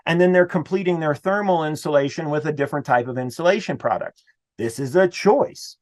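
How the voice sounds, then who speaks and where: A middle-aged man presenting a building-code webinar in a lively, conversational way that speaks straight to his listeners. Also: on the high side. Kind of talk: webinar presentation over slides.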